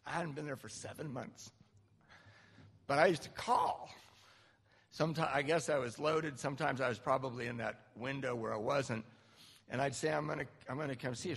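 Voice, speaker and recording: A man sharing a candid, self-mocking recovery story to a group, with halting restarts. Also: fairly high pitch, gravelly, a bit bright, slightly rough, big-room sound. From Southern California. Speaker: recovery speaker. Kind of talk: personal story talk.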